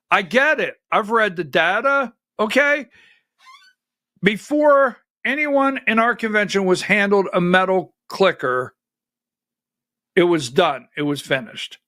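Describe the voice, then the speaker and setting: A man's voice: high-pitched, a bit bright, dry recording, studio quality. A middle-aged man hosting a political commentary show, rambling and repeating himself as he calls for graphics.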